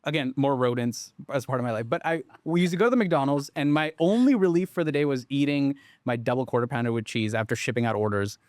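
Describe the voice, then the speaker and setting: A man founder telling a story in casual conversation, rambling and animated with lots of fillers, restarts and the odd swear. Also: medium pitch, fast, hardly any pauses, dry recording, clean studio sound. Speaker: startup founder.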